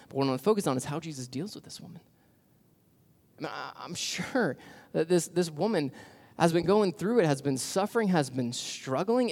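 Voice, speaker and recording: Casual preaching man, fairly high voice. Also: darkish tone. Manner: casual, conversational preaching with slang fillers. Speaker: pastor. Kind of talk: sermon.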